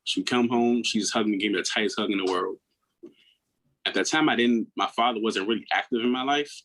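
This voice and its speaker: A man in his thirties, a podcast guest, telling his own story in a candid, earnest way, often restarting his words and acting out what others said in a higher voice. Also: fairly quick, fairly bright tone, poor audio. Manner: acts out quoted people in a raised voice.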